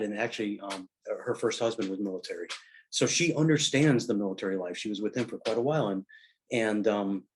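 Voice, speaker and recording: A middle-aged man and military veteran in casual conversation, telling stories in a halting way full of fillers and restarts. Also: fairly low pitch. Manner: rambling anecdotal storyteller.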